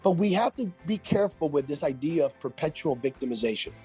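A man's voice: on the high side, lively intonation, quick pace, warm tone, slightly rough, faint music behind. A man who is a pastor and author, speaking as a radio interview guest in an emphatic preaching cadence and repeating phrases for effect.

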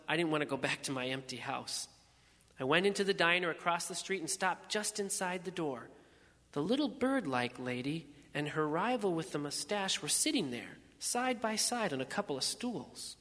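A man narrating a first-person story in a measured, reflective way. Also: on the high side, sharp tone, long reverb tail.

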